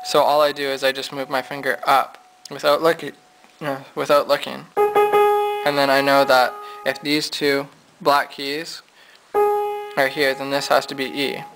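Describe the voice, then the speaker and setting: A man teaching a casual piano lesson, talking in a relaxed, low-energy way as he thinks aloud while losing his voice. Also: moderate pace, poor audio. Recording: piano playing behind.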